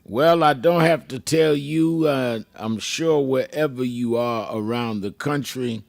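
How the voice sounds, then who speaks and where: An older man hosting a radio talk show with a slow, emphatic, measured delivery. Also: mid-range voice, vocal fry.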